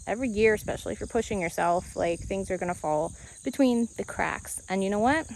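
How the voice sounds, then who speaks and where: A woman's voice: mid-range voice, fairly quick, creaky, a little mellow, slight background noise, low-quality recording. A woman vlogging outdoors on her homestead, talking candidly and with animation to the camera, laughing often. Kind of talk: casual talk to camera.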